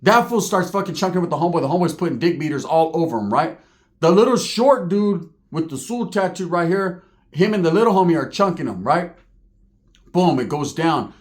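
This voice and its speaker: A man's voice: a little high, big pitch swings, brisk. A man telling a street fight story in a casual, profane way, full of street slang.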